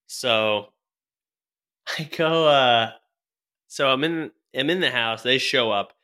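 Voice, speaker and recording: A man's voice: medium pitch, slow, bright, forceful tone, clean tone. A young man telling a rambling story in casual chat, full of fillers, restarts and laughs. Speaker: podcast co-host telling a story.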